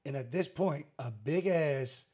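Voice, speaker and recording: Man, podcast co-host, casual chat, energetic storyteller, husky tone. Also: on the high side, measured pace.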